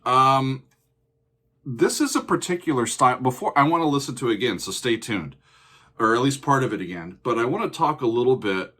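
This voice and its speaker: A man's voice: mid-range voice, fairly bright tone. A man, hosting a casual music reaction video, chatty and joking, often laughing.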